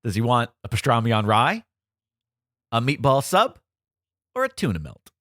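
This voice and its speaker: A man's voice: medium pitch, huge pitch swings, normal speed, a bit bright, no echo, clean studio sound. A man hosting a casual podcast quiz, reading out questions and teasing the contestant playfully. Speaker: quiz host.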